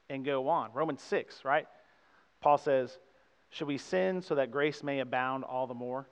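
A young pastor preaches conversationally, constantly checking in with his congregation through frequent "right?" asides. His voice sits on the high side, a bit bright, at a moderate pace. The recording sounds dull, with long hall reverb.

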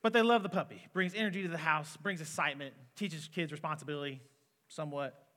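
A man's voice: fairly high pitch, fast, a bit bright. A man in his twenties preaching an earnest, conversational sermon as a student pastor in a church hall. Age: 20s. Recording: long reverb of a hall.

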